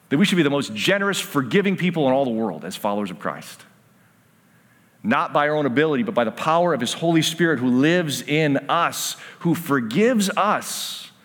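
A man's voice: mid-range voice, fairly bright tone. A man preaching a sermon, earnest, acting out the voices of a parable as he tells it. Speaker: pastor. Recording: long hall reverb.

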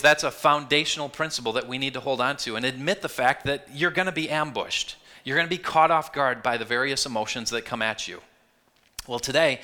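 A man preaching a sermon, telling a Bible story in an earnest, animated way and slipping into quoted voices. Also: medium pitch. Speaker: pastor.

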